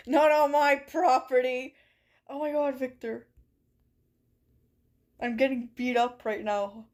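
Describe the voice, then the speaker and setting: A woman's voice: sits high, steady tone, slow pace, pauses often, darkish tone. A woman streaming a game from her bedroom, chatting with viewers in a playful, mock-dramatic way. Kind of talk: live-stream chat while gaming. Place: bedroom at home.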